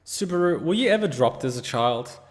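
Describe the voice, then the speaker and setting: A man's voice: on the high side, lively intonation, a little fast, in a large hall. A man reacting to an anime episode, exasperated and swearing, firing off rhetorical questions. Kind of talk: casual reaction commentary.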